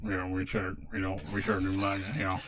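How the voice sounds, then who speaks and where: A man's voice: low-pitched, completely flat delivery, moderate pace, heavy background noise. A man hosting a casual live stream, chatting, rambling and laughing as he tells a long joke. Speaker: host.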